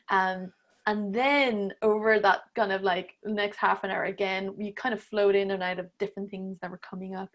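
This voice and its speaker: A woman's voice: mid-range voice, little pitch movement, moderate pace, a bit bright. A woman in her thirties, a podcast guest, telling a personal story in casual interview talk, acting out her own inner voices with laughs and the odd swear. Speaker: podcast guest, breathwork teacher.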